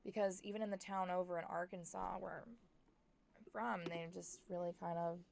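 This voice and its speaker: A tired young woman from Oklahoma with an Oklahoma accent, chatting excitedly and rambling as she streams a life-simulation game. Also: fairly low pitch, moderate pace, vocal fry, a little hiss or hum. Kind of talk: casual chat while playing a game.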